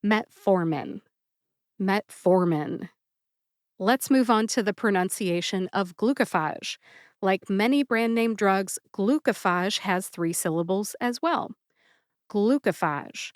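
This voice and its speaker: A woman hosting a pharmacist's podcast, speaking deliberately and spelling out syllables in a scripted educational style. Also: medium pitch, no room sound, studio quality. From United States.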